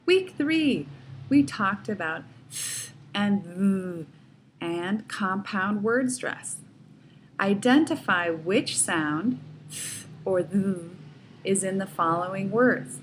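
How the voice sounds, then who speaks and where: Female pronunciation teacher, very slow and deliberate delivery, light background noise. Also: medium pitch, animated. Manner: slow, deliberate, repeating each word carefully. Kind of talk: slow recorded pronunciation lesson.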